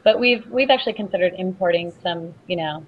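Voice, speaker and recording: A woman's voice: fairly low pitch, brisk, a little hiss or hum. Flirty, joking woman on a lo-fi call. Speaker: guest adult film performer and producer. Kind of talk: casual podcast chat. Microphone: video call.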